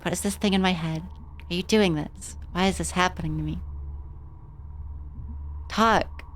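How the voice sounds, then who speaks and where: A woman's voice: on the low side, measured pace, a little hiss or hum. A young woman streaming a game, casually reading its dialogue aloud and swearing freely.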